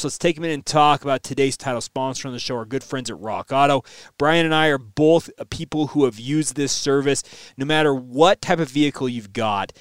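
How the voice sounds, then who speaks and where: Smooth-voiced man hosting a sports podcast. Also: medium pitch, no room sound. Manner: upbeat, reads sponsor ad. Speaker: podcast host. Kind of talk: sports podcast chat and ad read.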